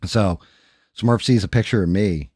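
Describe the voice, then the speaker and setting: A man's voice: lowish voice, measured pace, a little mellow, slightly rough, no room sound, studio quality. A man hosting a live stream, chatting casually and rambling to viewers with frequent profanity, into a microphone. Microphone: studio microphone.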